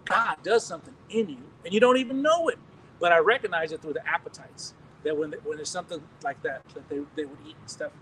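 A man from the United States, a pastor, telling healing stories in an animated, chuckling sermon with frequent restarts. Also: on the high side, fast talker, recorded from a distance, a little hiss or hum, poor audio. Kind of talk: storytelling sermon testimony.

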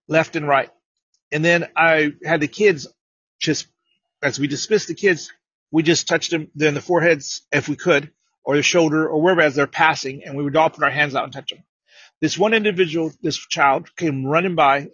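A man preaching a sermon, telling a story with many repeated words and building to loud, emphatic declarations. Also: on the high side, breathy edge, no echo.

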